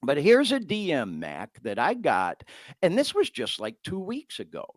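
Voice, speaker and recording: A man's voice: on the high side, huge pitch swings, measured pace, dry recording. A man hosting a podcast, talking earnestly and emotionally as he reads out messages he received. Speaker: podcast host. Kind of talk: heartfelt podcast talk.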